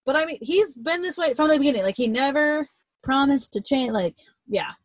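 A woman's voice: sits high, animated, a little fast, no echo, low-quality recording. A young woman in casual chat, retelling a novel's plot in a rambling way, swearing freely and acting out the characters' lines.

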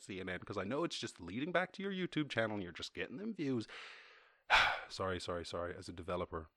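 A man with an Irish accent, a podcast host and software developer, ranting casually in a profane, sarcastic, animated way. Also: lowish voice, quick pace, no room sound, studio quality. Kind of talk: casual rant.

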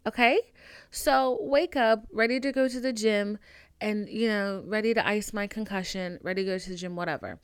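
A woman's voice: brisk, smooth, no echo, studio quality. Brash, profane young woman storyteller. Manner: brash, profane and dramatic, big swings in pitch and loudness. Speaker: podcast host. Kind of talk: casual storytelling monologue.

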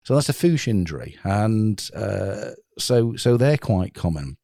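A man's voice: lowish voice, sing-song, a little slow, vocal fry, dark tone, no room sound, studio quality. A man hosting a casual chat, explaining with statistics and plenty of fillers.

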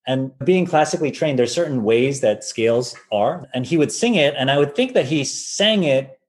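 A man in his forties, a violinist guest telling anecdotes in a loose, animated way, with lots of "like" and acted-out quotes. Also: mid-range voice, normal speed. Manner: animated, acts out quoted voices, many fillers. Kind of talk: casual anecdotal storytelling.

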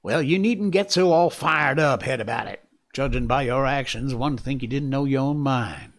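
A man voicing a gruff frontier dog musher who speaks in a dry, plain-spoken drawl, a little higher than his own voice. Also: very animated, a little slow, full character voice.

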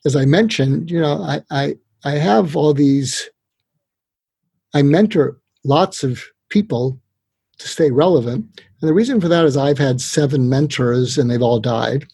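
Older man, husky, mellow, slightly high voice, dry close recording, animated advice-giving. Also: unhurried, no echo. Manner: animated, tells tips with acted-out quotes. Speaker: guest expert on communication. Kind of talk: conversational interview.

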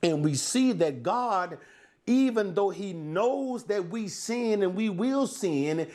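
A man preaching through a Bible passage in a sermon for a podcast. His voice sits a little high and rises and falls widely, and he speaks slowly. He asks rhetorical questions and answers them himself, and he restarts words as he goes.

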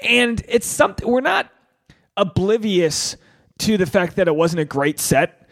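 A man's voice: high-pitched, animated, a little slow, fairly bright tone. A man hosting a podcast, talking candidly and animatedly, swearing freely and acting out quotes. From Rhode Island. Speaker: podcast host, standup comedian.

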